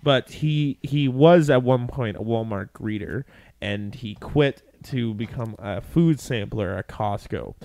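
A man in casual chat on a podcast, rambling through a story with plenty of swearing. His voice sits in a middle pitch. The sound is dry and close. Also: slow, darkish tone, dry recording. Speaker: podcast co-host.

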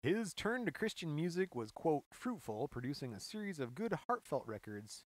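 A man co-hosting a casual podcast, joking around and breaking into high mock voices while reading out facts. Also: moderate pace, dry recording. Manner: animated, jokey, bursts into high mock voices. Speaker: podcast co-host.

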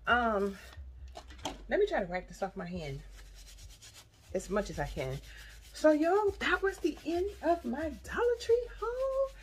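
A woman's voice: sits high, a little slow, pauses often. Lady vlogging a taste test, says y'all a lot, voice bouncing all over, mouth full sometimes. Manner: chatty and expressive, says "y'all" often; talks with her mouth full while chewing. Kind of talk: casual haul vlog, taste-testing.

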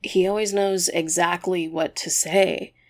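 A woman voicing a shy, serious young male student who speaks in a quiet, hesitant way. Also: lowish voice, fairly even intonation, measured pace, dry recording, lightly acted.

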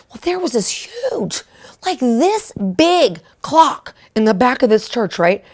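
A woman preacher with a slightly high voice tells her testimony in an animated, emotional way. She keeps tossing in "right?" and "like" as she preaches. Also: slow. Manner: fillers like "right?" and "like". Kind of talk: live-streamed testimony preaching.

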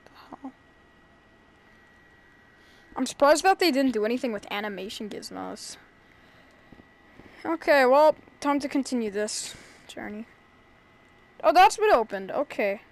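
A woman gamer gives let's-play commentary on a spooky video game, jumpy and exclaiming, cursing now and then. Her voice sits high and is animated, though unhurried, and she pauses often.

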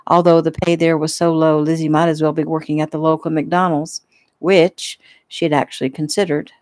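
A woman reading her own novel aloud in a relaxed, homey way, with small slips along the way. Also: lowish voice, no room sound. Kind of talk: casual audiobook narration.

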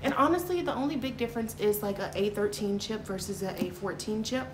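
Excited young woman chatting to her vlog cam, mid pitch, roomy echo and noise behind her. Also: fairly quick. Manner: bubbly, excitable, chatty, lots of "like" and "y'all". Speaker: vlogger. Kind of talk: casual vlog talk to camera. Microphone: handheld vlog camera. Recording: echoey room with background noise.

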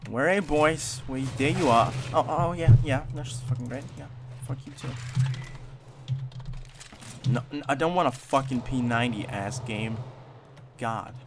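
A young man talks through his gameplay, wired and hyper from energy drinks. He curses constantly and jumps from sudden shouts to low grumbles. His voice sits at an ordinary pitch, over clear background noise and keyboard clatter from a home desk mic. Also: a little slow, long pauses. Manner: hyper, swearing, swings from shouts to mutters. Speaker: gaming channel host. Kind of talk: gameplay commentary.

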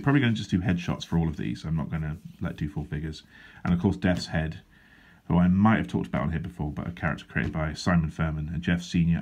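A man's voice: sits low, a little mellow, breathy edge. A man, a comic artist, chatting casually while he draws, full of dry, self-deprecating humour and rambling asides. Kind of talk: casual drawing vlog chat. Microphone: handheld wobbling camera.

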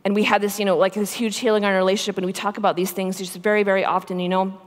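A woman speaking at a mid pitch, telling her story to a conference crowd in an earnest, chatty way, often checking in with "right?" and "you know." She gets intense and emphatic when a point matters to her. Her voice rings out with a long reverb through a large hall. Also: level tone, rapid-fire. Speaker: Catholic religious sister speaking at a conference. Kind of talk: personal testimony talk to a live audience. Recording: echoey hall sound.

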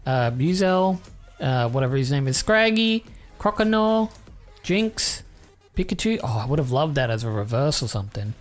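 Australian male unboxer, young, lively up-and-down delivery, swears a lot, faint music underneath. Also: high-pitched. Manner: excitable, swears freely, rambling. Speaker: YouTuber. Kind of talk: casual card-unboxing chat.

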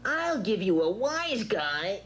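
Sneering bully puppet kid, lively swoops, slow and noisy 1970s TV sound. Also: female voice, medium pitch. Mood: taunting. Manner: taunting, name-calling. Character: rough bossy playground bully puppet child.

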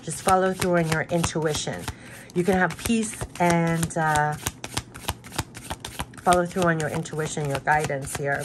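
A woman's voice: deep voice, steady tone, unhurried, long pauses, background noise. A woman reading tarot-style spirit cards, speaking straight to the viewer, encouraging, with many repeated phrases and loose restarts. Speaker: spiritual card reader. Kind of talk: card reading, direct address.

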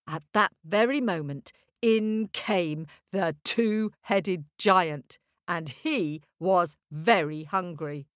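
A woman telling a children's story at a slow, deliberate pace. Her delivery is animated and sing-song. The recording is dry and close. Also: medium pitch, dry recording.

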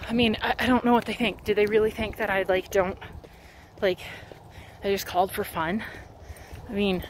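Woman vlogger talking to a phone on a morning walk, loose and rambling, clear outdoor background noise. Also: mid-range voice, moderate pace, pauses often. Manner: chatty and rambling, many "like" fillers. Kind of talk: casual chat while walking her dog. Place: outdoors at sunrise.

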